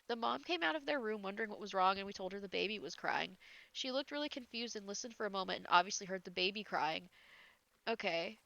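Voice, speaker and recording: A woman's voice: mid-range voice, animated, fast, vocal fry, a bit bright, dry recording, poor audio. A woman reading ghost stories aloud, often breaking into giggles and incredulous asides, her nose a little congested. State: slightly congested.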